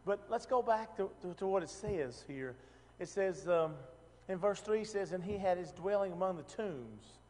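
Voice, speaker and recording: A man's voice: sits high, animated, normal speed, darkish tone, big-room sound. A man teaching a Bible passage in a casual, conversational way, often asking the room questions and restarting his sentences. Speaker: preacher.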